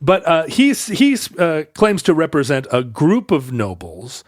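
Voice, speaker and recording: A man's voice: on the high side, sing-song, a little slow, no room sound, clean studio sound. Man telling a rambling history story. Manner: rambling, self-correcting, laughs easily. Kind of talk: casual storytelling chat.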